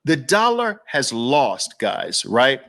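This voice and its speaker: A man's voice: medium pitch, big pitch swings, slow, a bit bright. A man with a Brooklyn accent hosting an impassioned, preachy talk to camera, hammering points home through repetition. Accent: New York, Brooklyn. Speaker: host.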